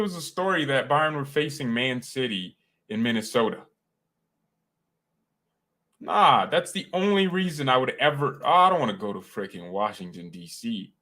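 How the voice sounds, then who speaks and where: A man hosting a fan live stream, rambling and joking with chat, swinging from calm talk to loud excited outbursts. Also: mid-range voice, unhurried.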